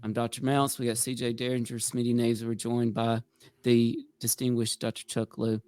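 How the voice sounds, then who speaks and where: A man's voice: mid-range voice, flat delivery, moderate pace, darkish tone, no room sound. Chatty male podcast host. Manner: chatty, promotional. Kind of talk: casual podcast chat.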